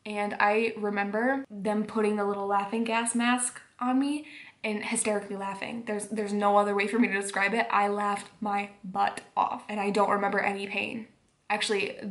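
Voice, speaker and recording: Young woman vlogger, casual and rambling, notable vocal fry, mid pitch. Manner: rambling, frequent fillers like "like". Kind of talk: casual storytelling vlog. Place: home at bedtime.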